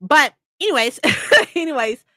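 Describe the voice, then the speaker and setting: A young woman from California chats casually and swears as she goes. Her voice sits high and swings up and down in lively jumps, with a bright, sharp edge. The sound is close and dry. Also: a little slow, no room sound. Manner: chatty, swearing, laughing a lot. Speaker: streamer. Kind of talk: casual chat.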